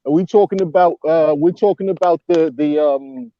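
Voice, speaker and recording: A man's voice: on the high side, normal speed, lo-fi sound, a little hiss or hum. A man on a boxing talk panel in casual chat, emphatic and using street slang. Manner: emphatic, uses slang like fam.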